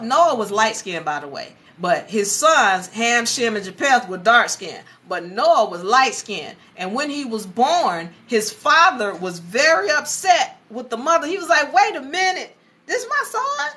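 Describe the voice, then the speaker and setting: Animated woman teaching in bright voice. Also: medium pitch. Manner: animated, conversational, acts out voices. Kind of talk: casual storytelling lecture.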